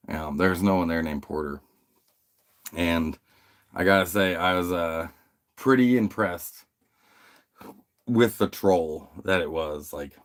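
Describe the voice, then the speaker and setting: A laid-back man from the United States hosting a casual livestream, chatting with viewers, swearing freely and giggling as he talks. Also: sits low. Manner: laid-back, profane, giggly, reads chat aloud. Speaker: livestream host.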